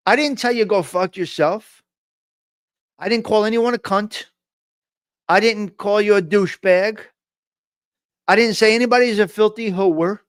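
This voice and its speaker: A man's voice: high voice, a bit bright, no echo, studio quality. A man with a New Jersey accent hosting a casual live-stream chat, brash and profane, joking and talking back to the chat.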